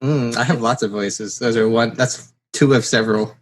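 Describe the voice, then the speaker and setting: A man's voice: medium pitch, fairly even intonation, moderate pace, slight background noise. A man hosting a podcast in casual chat, playful and teasing with his guest. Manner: playful, teasing, jumps into silly voices. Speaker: podcast host.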